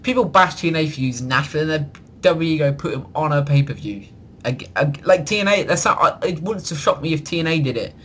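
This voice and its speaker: A man's voice: a little high, expressive, fast, fairly bright tone, a little hiss or hum. Opinionated man chatting casually. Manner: chatty, opinionated, restarts often. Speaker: podcast co-host. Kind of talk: casual chat.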